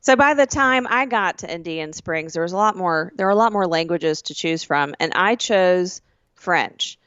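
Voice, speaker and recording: A woman's voice: lowish voice, animated, moderate pace, fairly bright tone, no room sound, dull audio. A woman co-hosting a podcast, telling a rambling school story in casual chat and correcting herself as she goes. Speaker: podcast co-host.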